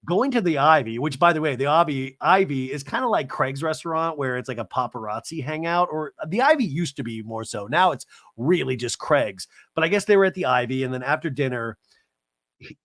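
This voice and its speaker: A man hosting a podcast, recapping a reality show with rapid, sarcastic asides. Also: a little high, fairly bright tone, no echo, clean studio sound. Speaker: podcast host. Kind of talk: comedic TV recap.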